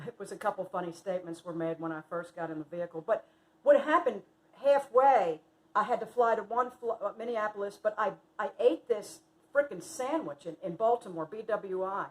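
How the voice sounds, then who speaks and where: A woman's voice: fairly high pitch, rough recording. A woman, telling a casual story about a late friend and acting out other people's lines. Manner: animated, acts out quotes loudly. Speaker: vlogger sharing memories of a friend.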